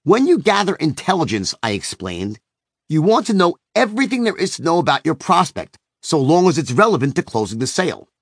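A man's voice: on the high side, big pitch swings, brisk, husky, no echo, clean studio sound. A man narrating his own book as an audiobook in a brash, emphatic manner. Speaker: author-narrator.

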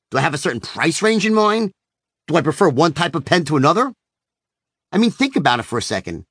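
Brash, lively male audiobook narrator. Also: high voice, dry recording, clean studio sound. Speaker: author-narrator.

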